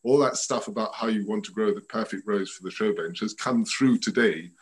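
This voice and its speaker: Male guest, fairly low voice, meandering hesitant talker on a home video call. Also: a little fast, poor audio. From France. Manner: rambling, hesitant, restarts often. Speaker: guest rose expert. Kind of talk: casual chat over video call. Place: at home by a window.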